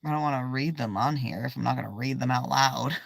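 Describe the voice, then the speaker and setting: A woman's voice: rumbling low, fast talker, gravelly, slightly rough, no echo. A woman chatting casually on a tarot livestream, swearing freely, trailing off and now and then dropping to a whisper. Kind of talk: casual live-stream chat.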